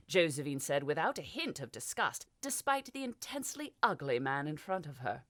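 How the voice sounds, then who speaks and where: A woman narrates a fantasy audiobook in a lowish voice. Her reading moves up and down with a lot of life. The sound is dry and close to the mic. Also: big pitch swings, moderate pace, hardly any pauses, fairly bright tone, no room sound. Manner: voices characters with small shifts. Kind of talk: scripted narration.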